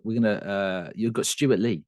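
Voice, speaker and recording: A man co-hosting a casual whisky podcast, chatty and quick to laugh, often restarting his sentences. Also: fairly low pitch, a little mellow, no echo, studio quality. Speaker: podcast co-host.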